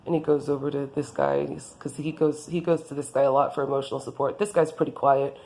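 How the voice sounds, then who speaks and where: A woman's voice: sits low, fairly even intonation, fast, a little mellow. A woman casually telling a rambling story about her neighbors, full of quoted back-and-forth.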